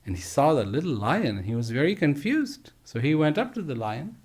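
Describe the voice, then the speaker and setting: A man giving a slow storytelling talk to teachers, gentle and emphatic, with repeated phrases and pauses. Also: on the high side, very animated, slightly rough. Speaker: speaker addressing teachers. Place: live online address.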